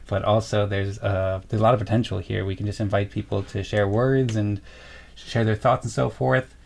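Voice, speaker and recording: A young man co-hosts a casual livestream in a low, gravelly voice. His delivery is flat and meandering, full of fillers and restarts as he reads chat comments and rambles on. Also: normal speed. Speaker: co-host of a livestream.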